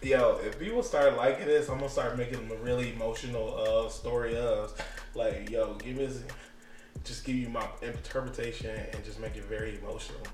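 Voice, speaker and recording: A man's voice: medium pitch, brisk, roomy sound, far from the mic, a little hiss or hum. A man co-hosting a casual podcast chat, telling stories with lots of feeling and acting out scenes. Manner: animated storyteller, acts out movie scenes. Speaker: podcast co-host.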